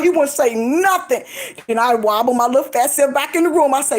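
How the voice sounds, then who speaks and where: A middle-aged woman vlogging, giving lively, emphatic encouragement in a casual preachy way, laughing often. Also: sits high, a little fast. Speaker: faith vlogger.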